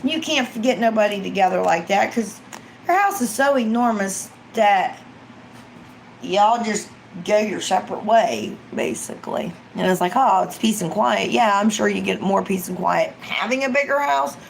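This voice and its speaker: Gravelly-voiced woman chatting casually. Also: mid-range voice, moderate pace, slight background noise, rough recording. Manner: rambling, chatty, acts out quotes. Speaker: ASMR vlogger. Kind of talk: casual live-stream chat.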